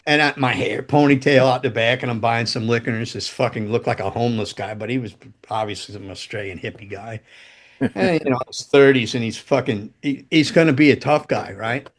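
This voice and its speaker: A man's voice: mid-range voice, fairly quick. A man telling rambling, profane stories in casual chat as a podcast guest. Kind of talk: casual storytelling.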